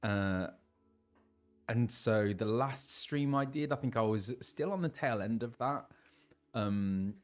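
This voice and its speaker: A young British man chatting casually on a live stream and greeting viewers, his voice a little low as he recovers from laryngitis. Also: a little mellow. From England. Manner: chatty, reads out viewers' messages with laughs and fillers. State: recovering from laryngitis, voice lower than usual.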